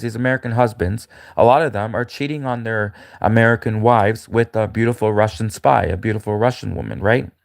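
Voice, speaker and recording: A man's voice: medium pitch, dry recording, clean studio sound. A man talking casually on a live stream, rambling and repeating himself, often restarting sentences. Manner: rambling, repetitive, frequent restarts.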